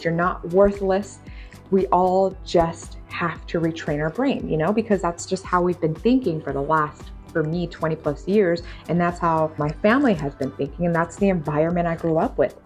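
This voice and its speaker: A woman's voice: on the low side, a little mellow. A young woman vlogging to camera, telling her story in a candid, chatty, self-deprecating way and laughing often.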